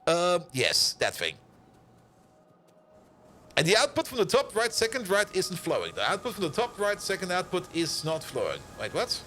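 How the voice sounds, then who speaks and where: Lively high-voiced joking streamer man. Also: moderate pace, a little hiss or hum. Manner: joking, rambling, laughs often. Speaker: game streamer. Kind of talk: casual live-stream chat.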